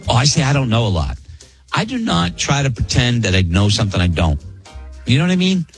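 Male radio host, lively up-and-down delivery, playful banter, faint music bed. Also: mid-range voice, brisk. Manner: animated, joking, laughs often. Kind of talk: casual on-air banter reading listener emails.

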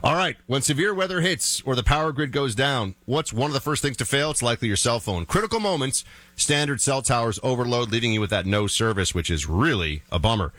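Talk radio host reading an ad. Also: male voice, medium pitch, animated, brisk, a bit bright, dry recording. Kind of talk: talk radio hosting and live ad read.

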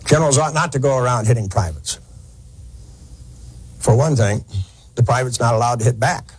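A man's voice: mid-range voice, normal speed, breathy edge, poor audio. A man telling a war story in a folksy, conversational lecture, with fillers and restarts. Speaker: historian lecturer.

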